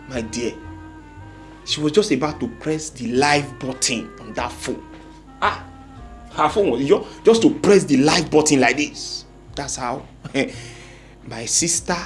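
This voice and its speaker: A man telling a comic church story with a sermon message, laughing often and acting out quoted voices. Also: fairly high pitch.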